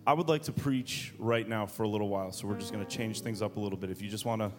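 A man's voice: on the low side, fast talker, over music. A man in his thirties preaching a sermon to a congregation, telling a family story in a joking, conversational way. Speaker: pastor.

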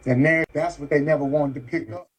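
A man earnestly reading a note aloud, halting and close to tears. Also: fairly high pitch, steady tone, slightly rough, low-quality recording.

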